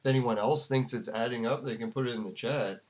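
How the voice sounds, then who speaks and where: A man talks through a debate in loose, rambling commentary for his chat. His speech is full of fillers and restarts. His voice sits at an ordinary middle pitch. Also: fairly even intonation, brisk. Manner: rambling, filler-heavy, with frequent "like" and laughs. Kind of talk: casual commentary to a live chat.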